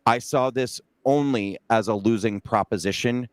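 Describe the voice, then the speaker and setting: A man hosting an interview, talking earnestly with many halting restarts. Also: mid-range voice, clean tone, no room sound. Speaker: interviewer and host. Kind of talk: emotional interview talk.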